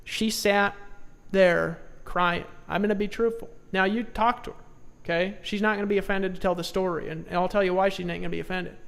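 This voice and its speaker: A man speaking as a sales trainer in a motivational seminar, pushing his audience with repeated short commands, swinging between hushed storytelling and loud exhortation. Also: high voice, fairly even intonation, fairly quick, gravelly, clean tone, big-room sound.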